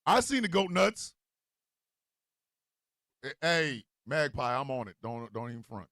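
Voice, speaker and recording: A male show host with a mix of New Jersey and Missouri accents who gives a loud, profane political rant, with bursts of shouting. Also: mid-range voice, very animated, measured pace, no room sound, clean studio sound.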